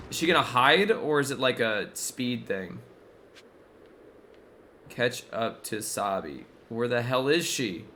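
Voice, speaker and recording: Bright-voiced man streaming a game. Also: medium pitch, a little hiss or hum. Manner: chatty, reacts aloud to the game. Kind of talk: casual gameplay commentary.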